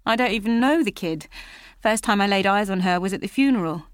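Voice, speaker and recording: A woman's voice: mid-range voice, expressive, brisk, clear, resonant tone, dry recording, clean studio sound, natural voice. An audiobook narrator, a woman, voicing a crude, mocking middle-aged man. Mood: dismissive. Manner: mocking, leering.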